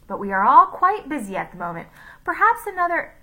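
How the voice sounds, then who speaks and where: A woman puts on a mean storybook schoolteacher hiding behind a borrowed gentleman's voice. He sounds high, bright and stiffly polite, with his words swinging up and down. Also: very animated, moderate pace, slightly rough, heavily acted. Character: mean male teacher using a stolen gentleman's voice.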